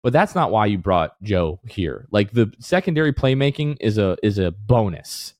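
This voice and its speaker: A man co-hosting a casual sports podcast who talks in animated bursts and rants, then calls himself back down. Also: on the low side, normal speed, no room sound, clean studio sound. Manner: animated, ranting then apologizing. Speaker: podcast co-host.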